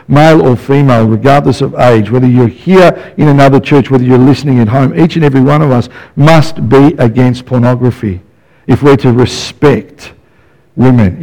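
With a mid-range voice and a dark tone, a pastor preaches conversationally to his congregation, often pausing to check in with a "yeah?". The recording quality is low.

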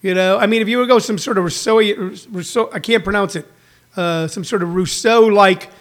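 A man's voice: high voice, a little fast. A man, a stand-up comedian, chatting casually on a livestream, riffing and rambling with frequent fillers.

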